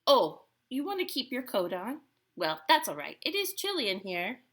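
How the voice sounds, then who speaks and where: A cheerful, chatty old grandmother from a storybook, played by a woman, rising high and bright above the narration. She swings her voice up and down with lively warmth and takes her time with every word. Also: normal speed. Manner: chatty, warm-hearted, talking to her guest.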